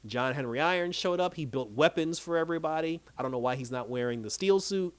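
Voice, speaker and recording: A man casually recapping and reviewing a TV episode, telling it with lively reactions and laughing as he goes. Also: fairly high pitch, fast, clean tone, no room sound. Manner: animated storytelling, laughs while retelling scenes.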